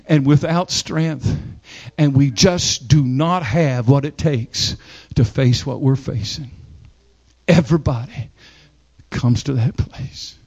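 Fervent high-voiced male preacher, lo-fi sound. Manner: builds from low slow passages to loud high-pitched shouting preaching; calls on the congregation to repeat and respond. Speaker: pastor. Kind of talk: sermon.

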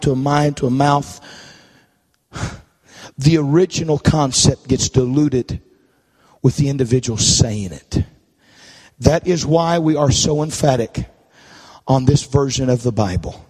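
A male preacher delivering a sermon, rising into shouted, sing-song preaching with rhythmic uh's. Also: medium pitch, measured pace, long pauses, breathy edge, big-room sound. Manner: building to chanted, shouted preaching.

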